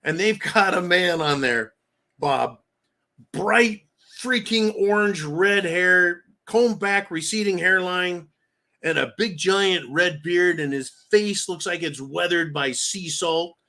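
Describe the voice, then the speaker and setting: An American man hosting a live-stream commentary show, his voice sitting a little high for a man. He rants in loud bursts and throws crude insults as he reads out donations. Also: takes it slowly. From United States.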